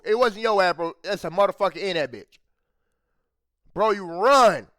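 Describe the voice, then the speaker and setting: High-voiced man ranting, saying bro constantly. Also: a little fast, fairly bright tone, dry recording, clean studio sound. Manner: heated, profane, says "bro" after nearly every phrase; repeats phrases and restarts when worked up. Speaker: reaction video host. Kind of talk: casual reaction commentary.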